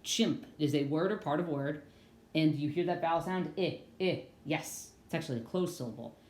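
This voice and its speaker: Playful young lady teacher doing a kids reading lesson, kinda low voice, echoey. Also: moderate pace, darkish tone, a little hiss or hum. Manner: upbeat and playful, sings phrases.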